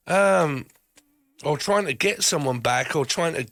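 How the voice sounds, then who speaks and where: A man's voice: on the high side, animated, slow, creaky, a bit bright. A man giving a rambling tarot card reading, swearing often and laughing between phrases. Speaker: tarot reader.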